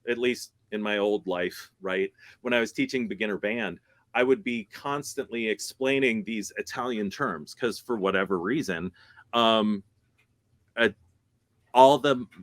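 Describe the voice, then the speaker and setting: A man's voice: fairly low pitch, fairly bright tone, dry recording. A man who teaches music, chatting casually in a conference session, laughing often and correcting himself as he goes. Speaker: guest speaker, music teacher.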